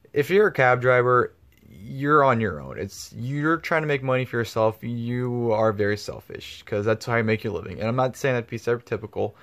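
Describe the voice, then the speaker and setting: A man's voice: mid-range voice, fairly bright tone. A man telling a story in a casual vlog, rambling with lots of fillers and swearing freely. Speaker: vlogger.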